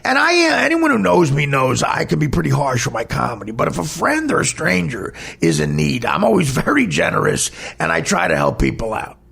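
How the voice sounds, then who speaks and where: A man's voice: a little high, huge pitch swings, brisk, vocal fry, few pauses, a bit bright, husky. A man, a comedian hosting a podcast, telling a candid personal story in a blunt, emphatic, heated way.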